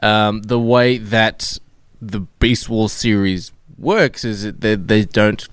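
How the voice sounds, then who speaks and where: A man hosting a casual podcast, chatty and animated, laughing often. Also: fairly low pitch, takes it slowly, clear, resonant tone, no room sound. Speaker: podcast host.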